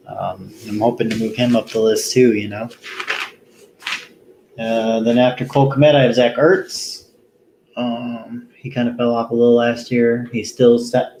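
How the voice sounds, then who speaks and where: A man hosting a solo fantasy football show, talking casually and rambling with plenty of pauses, tired after a long day. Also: on the low side, darkish tone, slight background noise, poor audio. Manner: rambling, lots of ums and restarts, easygoing. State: tired, yawning. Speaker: fantasy football podcast host.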